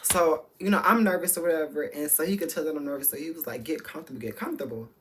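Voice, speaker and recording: A woman's voice: sits low, quick pace. A woman telling a candid, profane storytime to her viewers, chatty and addressing them directly. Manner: chatty, many fillers and restarts. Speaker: vlogger. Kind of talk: storytime vlog.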